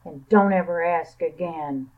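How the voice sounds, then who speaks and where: A woman's voice: lowish voice, measured pace, lightly acted. A woman voicing a grumpy, lonely male rat who grumbles and answers curtly, with a tinny, phone-like sound. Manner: grumbling, curt.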